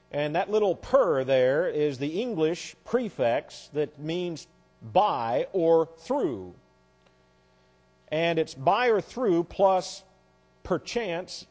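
Brief: higher-pitched male pastor, emphatic teaching sermon with slow letter-by-letter spelling, long reverb from a large hall. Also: a little mellow.

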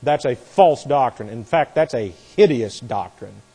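A man teaching a Bible class as a sermon, forceful and scornful of doctrine he calls false. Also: medium pitch, lively intonation, measured pace, breathy edge, long reverb tail.

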